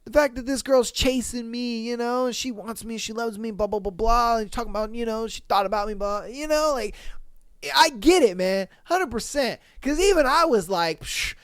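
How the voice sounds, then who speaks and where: A man hosting a podcast, giving casual, animated, slangy commentary and laughing often. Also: very high-pitched, normal speed, no echo, clean studio sound. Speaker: podcast host. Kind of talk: casual reality-show commentary.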